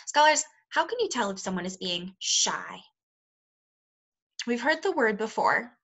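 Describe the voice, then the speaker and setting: A woman with a bright, clear voice leads a remote phonics lesson for second graders. She talks slowly and plainly, sounding words out and praising the kids often. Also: medium pitch, sing-song. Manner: slow, clear, encouraging teacher talk to young children.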